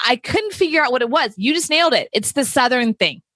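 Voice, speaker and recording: A woman from the American South hosting an interview, excitable and self-deprecating, often repeating her phrases. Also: high-pitched, fairly quick, no room sound. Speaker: host, radio show host. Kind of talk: casual interview conversation.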